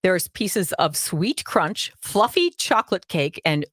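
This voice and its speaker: A woman's voice: lowish voice, animated, takes it slowly, a bit bright, no echo, clean studio sound. A woman with a Minnesota accent, co-hosting a casual radio podcast, chatty and laughing easily. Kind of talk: casual chat.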